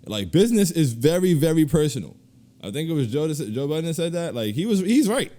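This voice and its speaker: A man co-hosting a casual podcast, ranting in animated, slangy bursts and laughing through his complaints. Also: fairly high pitch, quick pace. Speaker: podcast co-host.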